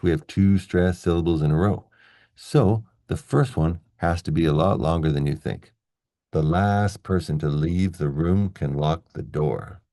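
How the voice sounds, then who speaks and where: Deep mellow guy teaching english stress, slow demo sentences, dry close sound. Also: dry recording. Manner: slow, exaggerated demonstration of stressed syllables; relaxed, chatty asides. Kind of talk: online pronunciation lesson.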